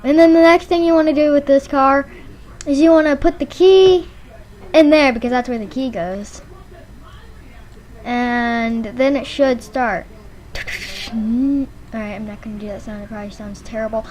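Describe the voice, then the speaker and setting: A woman giving absurd mock driving advice in a rambling, halting way, full of fillers and deadpan jokes, in a car showroom. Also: high voice. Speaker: vlogger. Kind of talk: joking mock tutorial.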